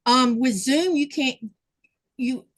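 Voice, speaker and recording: A woman hosts a sewing livestream, chatting loosely as she works. Her voice sits a little high, and she reads viewers' comments aloud between thoughts. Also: takes it slowly, rough recording. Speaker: livestream host. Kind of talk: casual chat while sewing.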